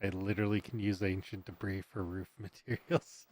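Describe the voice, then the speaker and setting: With a fairly low, expressive, slightly bright voice at normal speed and no room sound, a man hums under his breath and mutters to himself while building in a game he's streaming. His commentary is relaxed and meandering.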